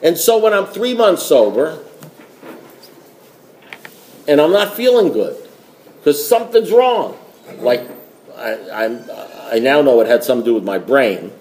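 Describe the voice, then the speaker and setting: A man speaking to a recovery meeting, telling a story in an animated, self-mocking way and acting out both sides of a conversation. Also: fairly high pitch, a little slow, pauses often, slight background noise, poor audio. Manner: conversational, keeps asking "you know what I mean?". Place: meeting room with an audience.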